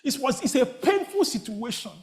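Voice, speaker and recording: A man preaching a sermon in a church, asking the congregation call-and-response questions and rising to near shouts. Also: very high voice, very animated, moderate pace. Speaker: pastor. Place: church sanctuary.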